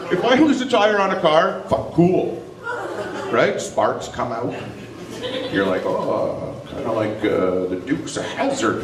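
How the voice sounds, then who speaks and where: A Canadian male stand-up comedian does live crowd work on a comedy club stage, his high-pitched voice picked up from a distance. He's animated, swinging into loud put-on voices and rants, and the off-mic recording sounds roomy with audible noise.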